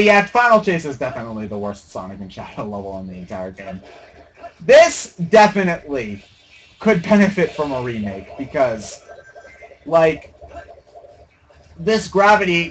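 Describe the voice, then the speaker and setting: A man's voice: a little high, big pitch swings, a little slow, long pauses, rough recording. A man streaming a video game, giving rambling, sarcastic and profane casual commentary.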